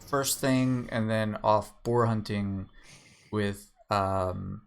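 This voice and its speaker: A man narrating a tabletop game as game master, speaking haltingly with many fillers. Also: lowish voice, steady tone, creaky, clear, resonant tone.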